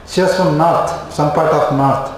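A man's voice: a little high, fairly even intonation, unhurried. Man lecturing in an echoey classroom. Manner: repetitive, checks in with "okay?" constantly. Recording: very echoey classroom, faint noise.

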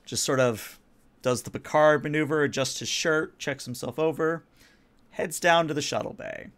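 A man's voice: fairly high pitch, moderate pace, a bit bright. Man narrating as game master. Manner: descriptive, storyteller.

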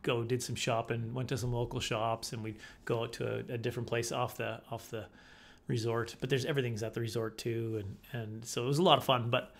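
A middle-aged man doing stand-up comedy, telling stories in an animated, self-deprecating way. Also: mid-range voice, fairly quick, creaky.

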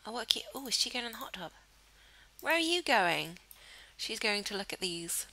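Bright-voiced woman gaming. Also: mid-range voice, sing-song, normal speed, no echo, rough recording. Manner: chatty, coos affectionately at the game characters. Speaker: gaming channel host. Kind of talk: casual gameplay commentary.

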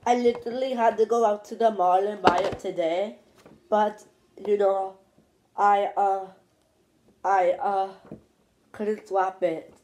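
A woman chatting playfully in a holiday vlog, breaking into yelps and sudden loud outbursts. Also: mid-range voice. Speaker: vlogger.

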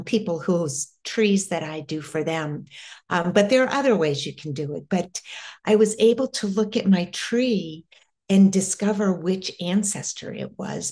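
A middle-aged American woman telling a personal spiritual story, slowly and haltingly, with many restarts. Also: on the low side, darkish tone. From United States. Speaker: interview guest.

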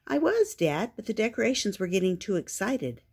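A woman's voice: very animated, moderate pace, darkish tone, breathy edge. Spot, a woman doing an eager little puppy. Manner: eager, bouncy, high. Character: excitable young male puppy.

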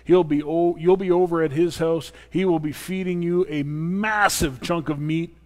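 Earnest pastor in a reverberant church. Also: male voice, on the high side, steady tone, moderate pace. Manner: earnest and personal, with playful asides. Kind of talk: sermon. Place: church sanctuary. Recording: long reverb of a church hall.

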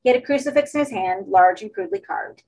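A woman reading a horror story aloud as an audiobook, in steady narration. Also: sits high, fast, rough recording. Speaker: audiobook reader.

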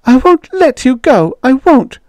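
A frightened mother pleads in a shrill, desperate voice, pitched far up, with her lines dragged out slowly, as a male audiobook reader puts her on. The reading is dry and close, and her pitch swings wildly. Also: sing-song, dry recording, exaggerated voice.

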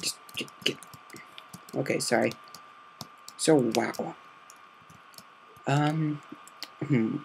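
A man gives hushed, rambling commentary over his game, keeping his voice deliberately quiet. There is a gravelly fry in his tone and a touch of sore throat in it, over a faint hiss of noise. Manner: quiet, low-key, meandering. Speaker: gaming video host. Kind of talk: hushed let's-play commentary.

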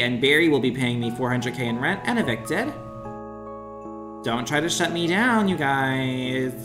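Gushing over-the-top male streamer. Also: mid-range voice. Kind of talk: mock sponsored-ad gameplay commentary.

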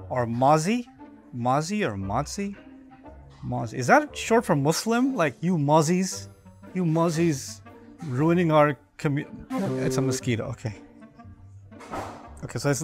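A man casually and playfully guessing the meaning of slang words, thinking aloud and joking at his own guesses. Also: fairly high pitch. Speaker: speaker reacting to slang list. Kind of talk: casual comedic monologue.

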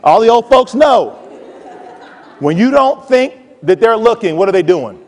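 A man in his forties giving a playful, animated motivational talk to students and calling out to the audience. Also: sits high, unhurried. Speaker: college president giving a talk. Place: large hall with a live audience. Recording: hall reverb.

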